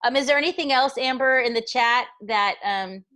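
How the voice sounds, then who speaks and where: A woman's voice: fairly high pitch, moderate pace, bright, forceful tone. A woman hosting a deathcare webinar over a video call, chatty and upbeat. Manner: chatty, upbeat, laughs easily. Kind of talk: casual panel chat on video call.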